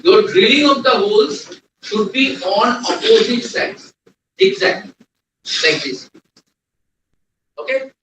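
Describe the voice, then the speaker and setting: A man's voice: extremely high pitch, animated, slow, pauses often, fairly bright tone, slight background noise. A man teaching a technical class, quizzing the room and repeating key points. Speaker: trainer. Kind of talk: classroom lecture. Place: lecture hall. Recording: echoey room, distant mic.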